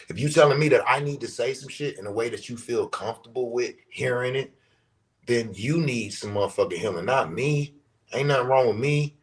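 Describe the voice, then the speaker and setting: A man's voice: fairly low pitch, brisk. A man hosting a podcast, delivering a profane, emphatic monologue and talking with his hands. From United States. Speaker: podcast host. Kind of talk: casual monologue rant.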